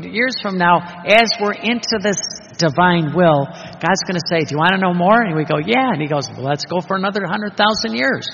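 A man's voice: high-pitched, animated, normal speed, creaky, fairly bright tone, slight background noise. A man preaching a sermon, emphatic and full of rhetorical questions. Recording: dull reverberant hall recording.

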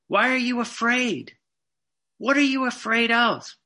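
Earnest preacher with a bright, forceful tone, pressing the congregation with questions. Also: medium pitch, big pitch swings, measured pace. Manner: earnest, asks the listeners direct rhetorical questions; tells personal anecdotes with quoted back-and-forth dialogue. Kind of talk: sermon.

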